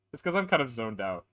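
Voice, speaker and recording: A man streaming a game live, chatting casually and reading lines in a flat monotone. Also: medium pitch. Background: game music.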